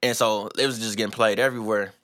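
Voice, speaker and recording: A man in casual chat, telling stories in a relaxed, slangy way and laughing often. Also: on the low side, quick pace, dry recording, studio quality. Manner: laid-back slangy storytelling, laughs often.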